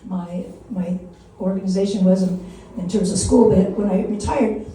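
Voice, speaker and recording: Older lady rambling through comedy bits, mellow warm tone, roomy distant sound. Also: medium pitch, normal speed, slight background noise. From Wisconsin. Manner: rambling, self-mocking, laughs at her own jokes. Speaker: stand-up comedian. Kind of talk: stand-up comedy set. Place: small comedy venue. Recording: echoey room from a distance.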